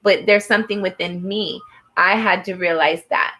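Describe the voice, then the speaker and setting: A woman's voice: on the low side, normal speed, pushed and bright, low-quality recording. A woman doing a personal tarot reading who talks to the viewer in an earnest, encouraging way, with many fillers and restarts. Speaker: tarot reader.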